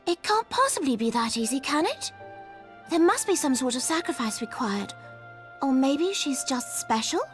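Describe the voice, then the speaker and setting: A curious young game heroine who thinks out loud in questions. Her voice is high and lively, rising and falling as she wonders. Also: normal speed, faint music behind. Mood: wondering. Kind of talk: game voice acting.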